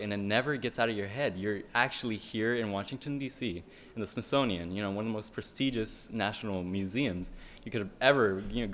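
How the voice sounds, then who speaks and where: A young man from California, a student, giving a casual conference speech full of "like" and "you know". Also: medium pitch. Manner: casual, filler-heavy, growing excited. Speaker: student speaker. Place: museum conference hall.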